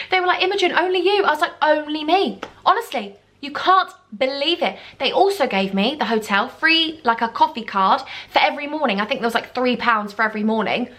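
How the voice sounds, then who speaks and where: A young woman telling a dramatic, gushing storytime, acting out quoted voices with big jumps in pitch. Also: lively intonation, a little fast, a bit bright. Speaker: YouTuber. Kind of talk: casual storytime chat.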